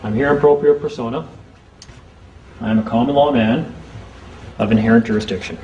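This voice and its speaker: A man giving an informal seminar talk to a small group, chatty, acting out courtroom exchanges in quick quoted voices. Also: mid-range voice, mellow, highs cut off, a little hiss or hum. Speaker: seminar speaker.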